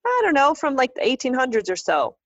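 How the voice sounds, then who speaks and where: A woman's voice: sits high, wildly swooping pitch, brisk, pitched above the performer's own voice, exaggerated voice. An easygoing male groundskeeper, as a woman storyteller puts him on, chatty and folksy in a raised voice. The recording is dull and dry.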